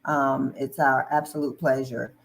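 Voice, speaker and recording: Low-voiced lady hosting a live online show, slow, lots of ums, says hi to folks as they join. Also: steady tone, creaky, low-quality recording. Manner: friendly, filler-heavy, greets viewers mid-sentence. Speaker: host.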